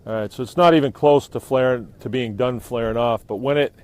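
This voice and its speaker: Standing outdoors next to a burning kiln, a New England man who makes biochar streams a relaxed live demonstration on a phone he holds himself, the roar of the fire in the background. His medium-pitched voice has a darkish tone, and he talks a little fast in a rambling, jokey way.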